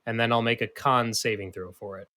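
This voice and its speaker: A man running a tabletop game as game master, narrating monster attacks in a relaxed, easygoing way with frequent laughs. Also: medium pitch, a little fast.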